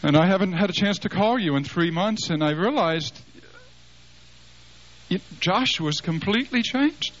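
A man's voice: high-pitched, animated, a little slow, fairly bright tone, pitched above the performer's own voice. A man voicing a friendly schoolteacher in a chatty, matter-of-fact way. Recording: slightly dull, faint background noise.

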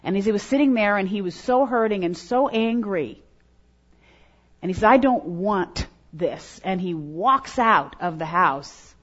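A middle-aged woman preaching a sermon to women, swinging between loud emphatic lines and hushed, prayerful ones. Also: mid-range voice, expressive, measured pace. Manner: preaching with strong rises and hushed prayerful drops. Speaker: speaker at a women's gathering. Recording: dull lo-fi recording.

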